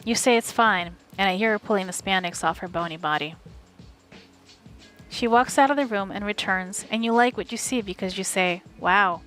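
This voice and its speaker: A woman from the USA streaming a live audiobook reading, narrating in a steady, wry first person. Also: medium pitch, normal speed, faint music behind.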